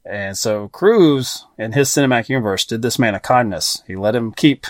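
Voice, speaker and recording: A man's voice: medium pitch, moderate pace, no room sound, clean studio sound. A man hosting a casual movie podcast, joking and rambling with frequent laughs. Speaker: podcast host.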